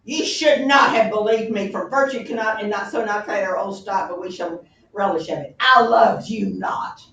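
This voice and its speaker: A woman's voice: medium pitch, moderate pace, creaky, slight background noise, pitched above the performer's own voice. A woman reading as a harsh, bitter young prince. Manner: harsh, forceful line reading. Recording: roomy, distant, dull classroom recording.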